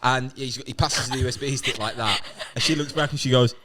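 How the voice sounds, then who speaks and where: A man's voice: medium pitch, fairly even intonation, a little fast, background noise. A man co-hosting a podcast, improvising a comic film plot and often checking in with "right?". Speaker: podcast co-host. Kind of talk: improvised comedy chat.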